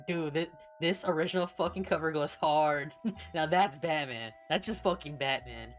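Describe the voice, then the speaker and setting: A young woman from California, a streamer chatting casually while reading along, blunt and profane and quick to laugh. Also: low voice, soft background music. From California, United States.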